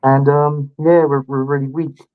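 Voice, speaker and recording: A man's voice: mid-range voice, flat delivery, a little slow, narrow, tinny audio. A man chatting casually about football, hesitant with many fillers. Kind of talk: casual chat.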